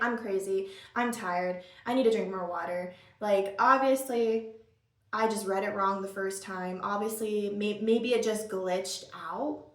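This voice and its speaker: A young woman vlogger telling a spooky story in a casual get-ready-with-me chat, animated and full of "like" fillers. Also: on the high side, far from the mic. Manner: animated, chatty, lots of "like" fillers. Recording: roomy echo, a bit off-mic.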